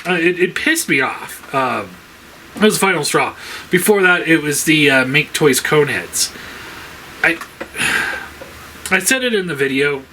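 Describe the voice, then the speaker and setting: Ranting man with a bright voice. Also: fairly high pitch, expressive, unhurried, long pauses, slight background noise. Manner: frustrated, swears a lot, rambling with many fillers. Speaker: toy collector vlogger. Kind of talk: casual ranting monologue.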